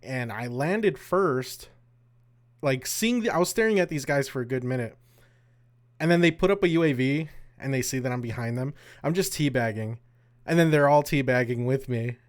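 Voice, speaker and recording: A young man co-hosting a podcast, explaining games in a relaxed, casual way. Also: mid-range voice, moderate pace. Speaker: podcast co-host. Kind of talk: casual chat.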